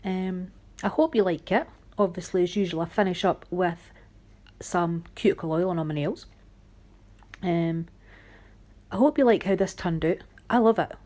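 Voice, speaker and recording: A woman's voice: lowish voice, moderate pace, pauses often, mellow. A woman narrating a nail art tutorial in a chatty, homely way, often critical of her own work. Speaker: nail art channel host.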